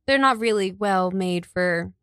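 A woman's voice: mid-range voice, measured pace, a bit bright, no room sound, clean studio sound. A woman running a tabletop role-playing game as game master, narrating hesitantly with many fillers. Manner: hesitant, full of fillers, laughing easily.

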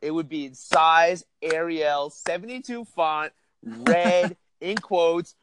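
A man's voice: fairly high pitch, steady tone, slow pace, noisy background. A man telling a profane story on a comedy podcast, laughing through it.

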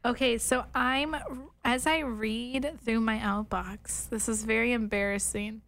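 Young woman cohost, animated and self-mocking, kinda high voice, casual podcast chat. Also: unhurried, vocal fry. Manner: animated, self-mocking, reads her emails aloud. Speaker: podcast co-host.

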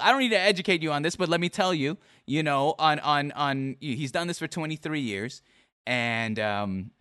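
A man hosting a casual interview podcast, rambling with many restarts, then reading out his questions slowly and deliberately. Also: mid-range voice, pushed and bright, smooth, no room sound, clean studio sound. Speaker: podcast host.

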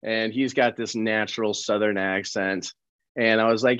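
Animated male actor telling stories. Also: on the low side, normal speed, no echo. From Colorado. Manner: animated storyteller who acts out quoted people. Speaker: actor, podcast guest. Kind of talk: casual interview storytelling. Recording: slightly dull, dry recording.

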